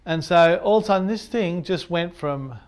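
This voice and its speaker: A photographer telling an animated anecdote, acting out the sounds and his own reactions as he goes. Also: sits high, moderate pace, clean tone. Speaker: landscape photographer. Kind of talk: storytelling anecdote.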